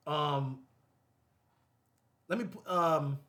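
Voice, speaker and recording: A man hosting his own show speaks very slowly in a slightly high voice, casual and animated toward the camera. He tends to repeat phrases and laugh in between.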